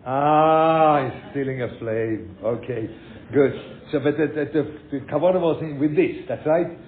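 An older man teaching a class as a rabbi, animated, repeating words and mixing in Yiddish and Hebrew terms. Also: moderate pace. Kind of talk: lecture with questions from students. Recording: phone-like echoey room with faint rumble.

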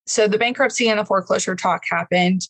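A woman's voice: medium pitch, fast talker, dry recording, low-quality recording. Earnest woman from Texas, dry sound. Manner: emotional, earnest storytelling. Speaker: guest. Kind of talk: candid personal story in an interview.

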